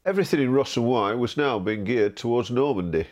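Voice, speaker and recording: A man giving scripted documentary narration in a measured, expressive way. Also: mid-range voice.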